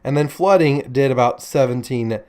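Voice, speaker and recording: A man's voice: mid-range voice, normal speed, a little mellow. A man casually commentating a warship gameplay video, chatty and joking with rambling asides.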